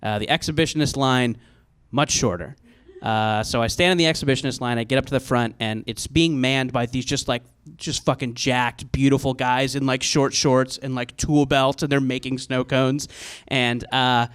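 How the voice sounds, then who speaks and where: A man's voice: mid-range voice, fairly even intonation, normal speed, a bit bright, smooth. A man in his thirties telling a comic story on stage at a live show, rambling and self-mocking with many fillers. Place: live show venue with audience.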